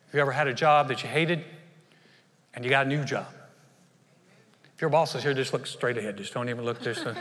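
A man preaching a sermon as pastor, animated and acting out short voices in his stories. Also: mid-range voice, brisk, pauses often, big-room sound.

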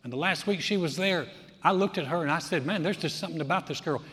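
A man in his sixties preaching a sermon, telling a personal story in a conversational, animated way and acting out quoted lines. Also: a little high, fast talker. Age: 60s. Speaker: pastor. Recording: long hall reverb.

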